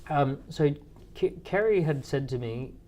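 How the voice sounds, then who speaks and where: A man's voice: a little high, expressive, unhurried, a little mellow, slight background noise. A man in his thirties, an entrepreneur guest, answering interview questions in a loose storytelling way with many fillers and restarts. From Australia. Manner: storytelling with quoted dialogue, frequent fillers and restarts.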